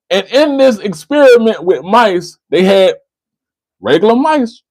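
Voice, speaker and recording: High-voiced man lecturing a caller. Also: a little mellow, dry recording, poor audio. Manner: lecturing, repeats the caller's name; restarts and repeats words. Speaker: host of a call-in debate stream. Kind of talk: argumentative call-in discussion.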